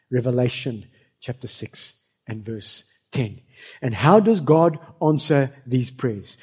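A man with a South African accent preaching a sermon, swinging between loud cries and soft low asides. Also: breathy edge. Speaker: pastor.

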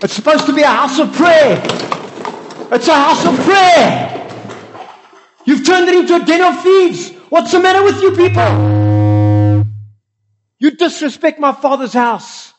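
A man acting out Jesus in a fury, shouting indignantly. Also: medium pitch, normal speed, lightly acted. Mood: outraged. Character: furious Jesus clearing the temple, man.

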